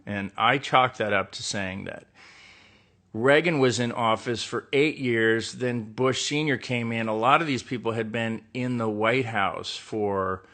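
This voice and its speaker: A man's voice: medium pitch, unhurried, bright, forceful tone. A middle-aged man telling candid stories about his past jobs in a rambling, casual monologue with many fillers. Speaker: actor doing a live stream.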